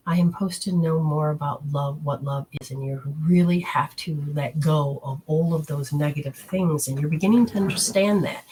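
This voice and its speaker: With a deep, husky voice of darkish tone, a woman hosts a spiritual healing talk. She addresses her listeners directly, walking through the steps in a rambling, instructive manner typical of casual teaching.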